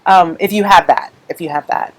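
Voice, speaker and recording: A woman's voice: on the low side, a little fast, poor audio. A woman hosting a live craft stream, talking candidly and emotionally to viewers in a rambling, unscripted way while holding back tears. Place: at home.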